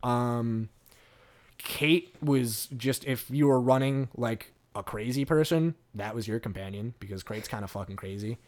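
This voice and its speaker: Male podcast host; casual, animated, profane, rambling delivery. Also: mid-range voice, unhurried. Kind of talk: casual chat.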